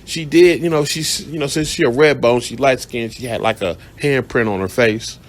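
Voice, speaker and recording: A man's voice: mid-range voice, normal speed. A man hosting a radio show, telling a story in a casual, blunt, profane monologue and laughing along the way.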